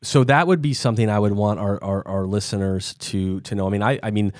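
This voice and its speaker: A Midwestern American man hosts a casual podcast interview, his fairly low, darkish voice moving fairly quickly. The audio is studio quality with no echo. He thinks out loud in long, rambling sentences packed with restarts.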